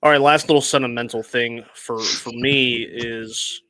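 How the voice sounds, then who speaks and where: A man's voice: mid-range voice, steady tone, unhurried, pushed and bright, no echo. A man co-hosting a sports podcast, talking in a reflective, easygoing way with fillers. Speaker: podcast co-host. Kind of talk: casual podcast chat.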